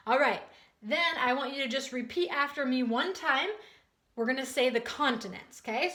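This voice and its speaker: A woman teaching a social studies lesson to young children, leading call-and-response repetition in a slow, sing-song way. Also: high voice, a bit bright, roomy sound.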